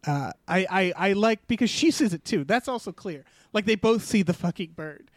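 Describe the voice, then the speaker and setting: A man's voice: high-pitched, expressive, normal speed, hardly any pauses, dry recording. A man hosting a casual movie podcast, wry and joking as he talks about trailers.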